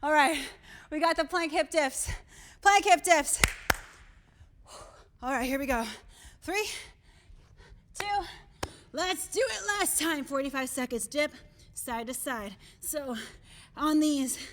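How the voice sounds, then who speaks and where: Winded female fitness instructor with a high voice, upbeat and encouraging, counts down the reps. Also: animated, measured pace, long pauses, background noise. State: out of breath. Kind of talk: live workout coaching.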